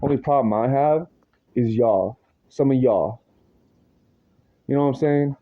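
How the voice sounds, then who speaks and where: Agitated and profane, a man delivers a lengthy, meandering rant to camera at a measured pace, peppering it with slang and returning again and again to his point. The sound is dull and slightly lo-fi, and his pitch is mid-range.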